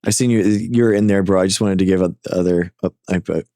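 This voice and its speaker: A man hosting a live stream, chatting casually with callers and explaining science in a hesitant, halting way. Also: sits low, steady tone, mellow, no room sound, studio quality. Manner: hesitant, halting, many fillers and restarts. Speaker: livestream host.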